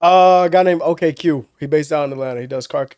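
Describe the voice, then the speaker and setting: A young man chatting as a podcast guest, slightly high-pitched and full of easygoing slang. His storytelling rambles along casually, recorded close and dry with no room sound. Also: fast, a little mellow, smooth, dry recording. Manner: laid-back slang-heavy storytelling, laughs often. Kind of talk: casual chat.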